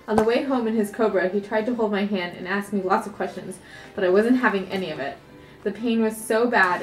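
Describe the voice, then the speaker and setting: Animated woman telling a comic story. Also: fairly high pitch, echoey room, a little hiss or hum. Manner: animated, often laughing through the telling.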